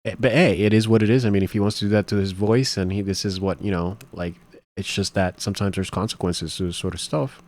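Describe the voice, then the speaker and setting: A man's voice: fairly low pitch, steady tone, fast talker, darkish tone. A man hosting a reaction video, talking casually and rambling as he thinks aloud with many restarts. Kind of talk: casual commentary.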